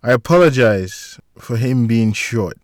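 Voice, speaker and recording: A man voicing a kind, calm female hospital nurse in an audiobook, polite and reassuring. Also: medium pitch, unhurried, no room sound, studio quality, close to an everyday voice. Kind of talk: audiobook character voice.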